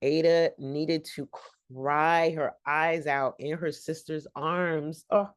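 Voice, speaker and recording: Low-voiced woman rambling through a TV recap. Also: steady tone, takes it slowly, smooth, dry recording, clean studio sound. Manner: chatty, addresses viewers as y'all; long-winded and rambling. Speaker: TV show recap host.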